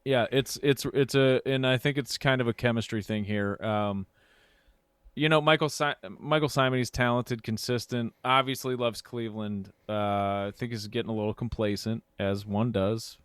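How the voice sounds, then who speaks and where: A man's voice: mid-range voice, steady tone, moderate pace, fairly bright tone, smooth, dry recording. A man co-hosting a comedic sports podcast, playfully going along with the jokes. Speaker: podcast co-host.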